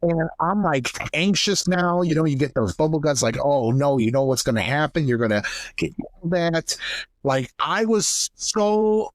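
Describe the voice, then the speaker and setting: A young man with a slightly high, animated voice speaks at a measured pace in a studio-quality recording with no room sound. As a podcast co-host, he candidly and emotionally retells a painful family story, acting out the voices of the people in it.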